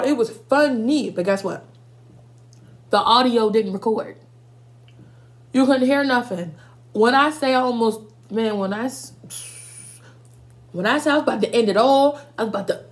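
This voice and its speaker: Young woman vlogger, higher voice, animated and profane, chatty storyteller who talks straight to her viewers. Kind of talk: casual storytime while eating.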